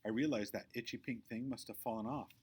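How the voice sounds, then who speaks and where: A man reading a children's chapter book aloud, with expressive storytelling in a middle pitch. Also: a little fast, slight background noise. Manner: expressive storytelling, dropping low for narration tags. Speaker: reader.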